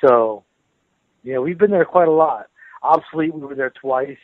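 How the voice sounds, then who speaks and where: An American man talks about his career over a phone line that sounds thin and boxed-in, with no room around him. His speech is loose and friendly, full of repeated words and quick laughs. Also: medium pitch, no room sound. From United States. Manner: relaxed, chatty, laughs often, repeats words. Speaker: interviewed metal guitarist. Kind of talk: casual phone interview. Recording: tinny dry phone line.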